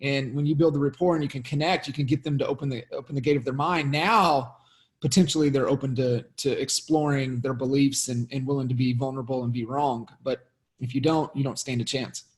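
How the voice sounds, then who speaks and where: A man's voice: medium pitch, steady tone, fairly quick. A man hosting an interview show for coaching, chatting casually with his guest and agreeing and chuckling easily.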